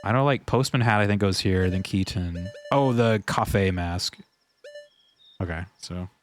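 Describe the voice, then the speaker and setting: Laid-back gamer dude commentating. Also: male voice, low-pitched, measured pace, background noise. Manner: laid-back, slangy, says "dude" often. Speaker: streamer. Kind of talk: live gameplay commentary.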